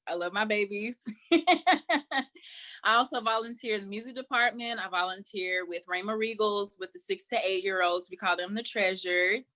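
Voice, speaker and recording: Cheerful bright young woman. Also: medium pitch, moderate pace. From Mississippi, US. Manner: cheerful, chatty. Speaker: panel guest. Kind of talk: casual self-introduction.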